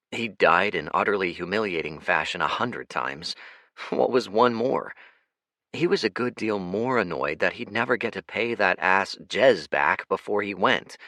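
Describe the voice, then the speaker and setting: A male audiobook narrator with a low, bright voice tells the story expressively. His pitch ranges widely and his pace is slow and deliberate, recorded dry and close. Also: no echo. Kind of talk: scripted narration.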